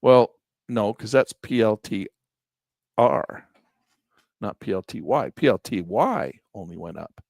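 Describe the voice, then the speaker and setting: A chatty man with a gravelly edge walks through his portfolio in a folksy, self-amused way. His pitch swings up and down freely. The sound is dry and close to the mic. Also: lively intonation, unhurried, pauses often, a little mellow, no room sound. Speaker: investing vlogger. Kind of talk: casual screen-share commentary.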